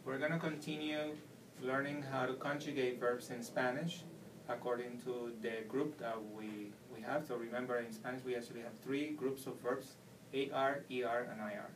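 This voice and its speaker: At a whiteboard, a man patiently walks through Spanish verb endings step by step in a steady, middle-range voice at a moderate pace. He's far from the camera mic, with a faint hum of room noise in the background.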